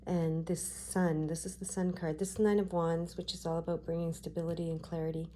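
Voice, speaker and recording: A woman giving a tarot card reading, talking gently and reassuringly with frequent check-ins to her viewers. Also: on the low side, flat delivery, a little fast, a little hiss or hum. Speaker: tarot reader.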